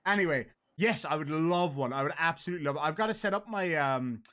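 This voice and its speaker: An Irish man hosting a casual livestream, chatting and reading out donations with quick laughs. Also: a little high, animated, fairly bright tone. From Ireland. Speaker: host.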